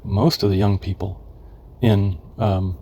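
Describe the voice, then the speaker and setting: A man in his seventies from California, telling rambling memories of his youth, halting often as he searches for names. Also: on the low side, fairly even intonation, mellow. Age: 70s. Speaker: memoirist. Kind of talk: reminiscing memoir narration.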